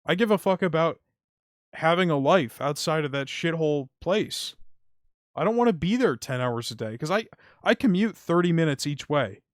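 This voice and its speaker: A man's voice: a little high, expressive, moderate pace, no echo, studio quality. A young man streaming, venting heatedly about his delivery job with frequent swearing. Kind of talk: casual stream rant. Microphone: streaming mic.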